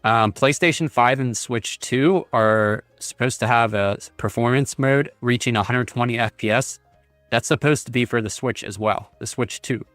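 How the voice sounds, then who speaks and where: A man's voice: medium pitch, normal speed, fairly bright tone, no echo. A man streaming a video game, talking casually and rambling as he reads text aloud with many fillers. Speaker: gaming streamer. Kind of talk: casual livestream commentary. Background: faint game music.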